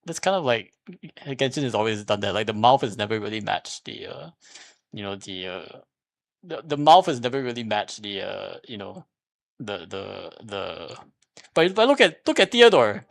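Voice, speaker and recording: A man's voice: fairly low pitch, sing-song, moderate pace, gravelly, dry recording, studio quality. A man streaming casual commentary, arguing a point in a rambling way with many restarts and fillers. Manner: repeats "here's the thing" when making a point.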